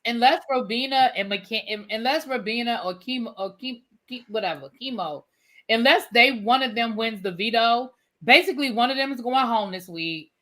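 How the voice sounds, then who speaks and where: A woman's voice: a little high, moderate pace, fairly bright tone. A woman co-hosting a casual podcast chat, explaining things step by step. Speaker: podcast co-host.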